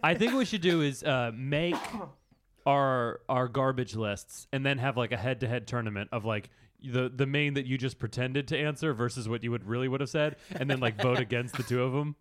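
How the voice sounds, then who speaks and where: A man's voice: medium pitch, fairly quick. A man hosting a casual chat, steering the talk playfully and laughing often. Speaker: podcast host.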